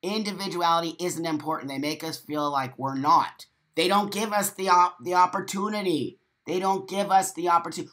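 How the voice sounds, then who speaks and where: A middle-aged man hosts a casual live stream, reading viewer comments out loud. He talks in a blunt, profane way. He repeats himself for emphasis and speaks directly to each commenter. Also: a little high, moderate pace, few pauses.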